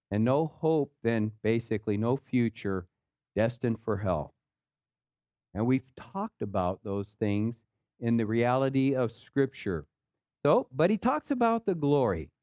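A man preaching a sermon, swinging between rising rhetorical questions and low, quiet asides. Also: dry recording, studio quality. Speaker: pastor.

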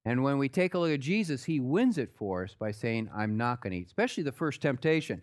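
A man preaches at a middle pitch in a relaxed, conversational manner. He walks his listeners through scripture passages and sinks to a quiet, low voice when he presses an earnest point. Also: fairly quick. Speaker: pastor. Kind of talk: sermon.

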